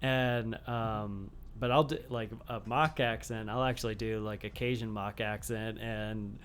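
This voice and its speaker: Swearing, rambling Texan podcast host. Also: male voice, lowish voice, fairly even intonation, unhurried, a bit bright, a little hiss or hum. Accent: slight Southern US. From Texas, USA. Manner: rambling, heavy swearing, many fillers. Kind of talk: casual chat.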